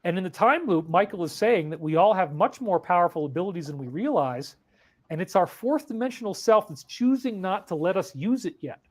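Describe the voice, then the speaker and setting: A man's voice: high-pitched, expressive, a little fast. A man earnestly telling a dramatic spiritual story about his own experience. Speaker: spiritual speaker. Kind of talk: emotional personal storytelling.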